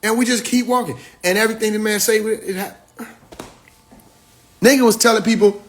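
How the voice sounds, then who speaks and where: A man with a slightly high voice talks loosely and warmly to his followers on a livestream. He slips into slangy storytelling, acts out the lines of the people in his stories, and laughs between his points while calling on his listeners directly. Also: steady tone, normal speed. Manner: slangy storytelling with acted quotes. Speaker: spiritual speaker on a livestream. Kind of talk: casual livestream talk to followers.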